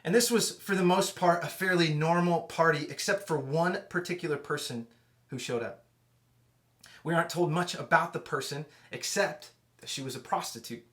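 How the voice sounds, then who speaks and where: Young adult male youth pastor, casual storyteller, restarts a lot, goes hushed at tender parts. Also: fairly high pitch, moderate pace. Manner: conversational, many restarts, drops to hushed tones for emotional moments.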